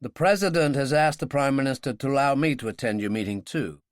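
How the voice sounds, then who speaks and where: A man's voice: mid-range voice, a little fast, no room sound, clean studio sound, close to an everyday voice. A man voicing an earnest male official giving a briefing in an explanatory way.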